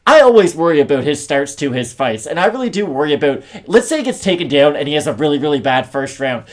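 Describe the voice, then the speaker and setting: A man co-hosting a casual chat about an upcoming MMA fight, talking in a lively way with plenty of fillers. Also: a little high. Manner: lively, conversational, lots of fillers. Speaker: MMA analyst co-host.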